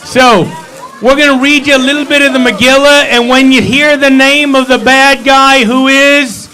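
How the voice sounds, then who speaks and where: A man's voice: extremely high pitch, level tone, normal speed, bright, forceful tone, a faint crowd, rough recording. A man leading a congregation, retelling a scripture story in a playful, joking way full of wry asides. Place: synagogue hall.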